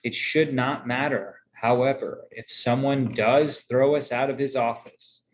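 A man reads a passage aloud to a group at a steady, even pace. His voice sits in a mid range, and a faint hiss of background noise runs under the recording. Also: medium pitch, measured pace, rough recording. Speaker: reader at a recovery meeting. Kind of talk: reading a text aloud.

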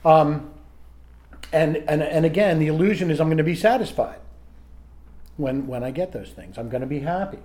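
A middle-aged man sharing candidly in a recovery group, self-mocking and halting, often restarting his sentences. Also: fairly high pitch, a little mellow.

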